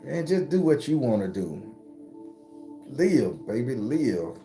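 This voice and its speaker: Taking it slowly with long pauses, a forty-something host of a spiritual channel gives a profane, laid-back motivational talk. His voice often shoots up to an excited high pitch, with faint music underneath.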